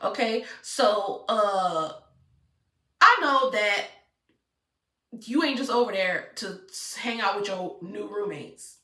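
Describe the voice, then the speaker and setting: Young woman, blunt storytime vlogger, bright voice, echoey distant mic. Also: mid-range voice, takes it slowly, long pauses. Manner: blunt, talks straight to viewers. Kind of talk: storytime vlog. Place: room at home.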